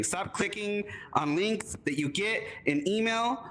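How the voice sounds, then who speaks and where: A man giving a relaxed panel talk with a bright, slightly high voice. He talks casually with fillers and slips into exaggerated mock voices. A faint hiss sits under the recording. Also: measured pace, low-quality recording. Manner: animated, mimics scammers in raised voices. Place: convention panel room.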